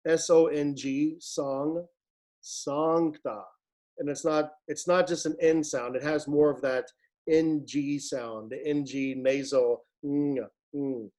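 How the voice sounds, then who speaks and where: Here the choir director's voice is on the high side and a little mellow. In this online rehearsal, he walks the group patiently through Latin pronunciation, demonstrating each sound.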